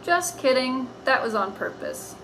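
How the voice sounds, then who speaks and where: A woman voicing mischievous house cats from a comic strip, reading their lines slowly in a sing-song way. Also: high-pitched, sing-song, background noise, full character voice. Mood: playful. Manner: slow, drawn-out, sing-song reading of speech bubbles.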